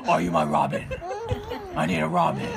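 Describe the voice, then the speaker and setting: A man's voice: on the high side, level tone, brisk, over a noisy crowd. A man putting on a brooding masked vigilante's voice to play with his baby daughter. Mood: gravelly growl. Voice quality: gravelly growling whisper.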